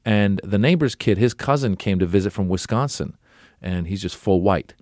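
A man's voice: lowish voice, normal speed, a little mellow, no echo, studio quality. A middle-aged man, a comedian and actor, telling casual anecdotes as an interview guest and acting out other people's lines. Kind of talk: casual conversational storytelling.

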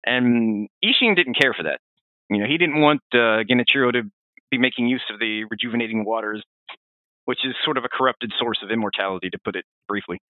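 A man hosting a podcast, telling game lore in a rambling, animated way with frequent restarts. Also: mid-range voice, brisk, no room sound. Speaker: podcast host. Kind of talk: casual lore discussion. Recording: dry, phone-like narrow sound.

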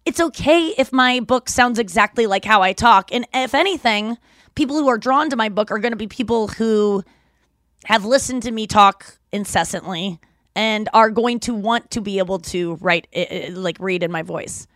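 A woman hosting a podcast in casual chat, rambling and animated, laughing often as she talks. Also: medium pitch, normal speed, no echo, studio quality. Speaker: podcast host.

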